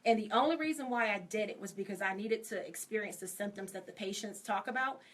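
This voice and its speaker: A woman's voice: medium pitch, fast talker, fairly bright tone. Frank woman dentist explaining plainly. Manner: explanatory, frank, calls people baby. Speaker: dentist guest. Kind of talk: casual chat.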